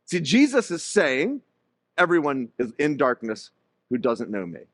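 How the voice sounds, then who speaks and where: A middle-aged male pastor preaching a sermon, telling stories with lively acted-out voices. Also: medium pitch, a little slow, no echo. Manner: animated storytelling with acted-out voices.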